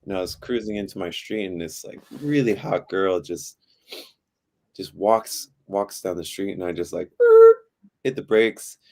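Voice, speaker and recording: A man's voice: sits low, unhurried, gravelly. A young man chatting casually as a podcast guest, telling stories loosely with lots of filler words. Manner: relaxed storytelling with frequent "like" fillers. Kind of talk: casual chat.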